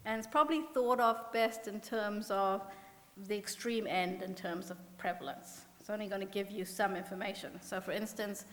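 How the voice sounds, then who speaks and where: A woman's voice: medium pitch, normal speed, a bit bright. A woman with a New Zealand accent, an economist giving a conference talk, earnest and self-deprecating, with many fillers and restarts. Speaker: symposium panel speaker, economist. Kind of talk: conference presentation. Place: conference hall. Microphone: podium mic. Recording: long reverb from a hall.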